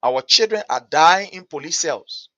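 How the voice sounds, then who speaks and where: Speaking a little slowly but animatedly, a Liberian English-accented talk host gives heated political commentary, repeating his points and climbing into shouts. His high, bright, cutting voice is recorded close and dry with no echo, though the sound is muffled.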